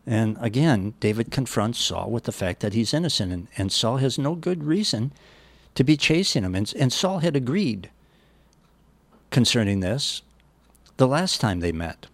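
A man teaching verse by verse through a Bible passage, reading the scripture slowly and then explaining it in plain words with folksy asides. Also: medium pitch, sing-song, no echo.

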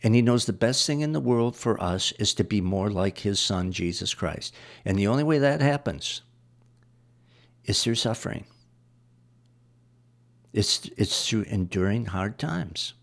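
A man's voice: on the low side, expressive, measured pace, gravelly, long pauses. A man preaching a sermon, going through scripture verse by verse and driving points home with repetition. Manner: explains verses line by line, repeating phrases.

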